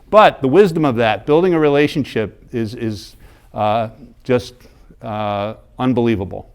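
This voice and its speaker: A man's voice: mid-range voice, unhurried. A middle-aged American man giving a talk in a church, telling a story in a conversational way, often repeating and restarting words. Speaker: mission group leader giving a parish talk.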